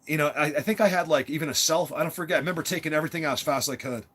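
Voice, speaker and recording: A man's voice: on the high side, racing, a bit bright. A father telling a personal story in a rambling, casual monologue, emphatic, often repeating words and restarting.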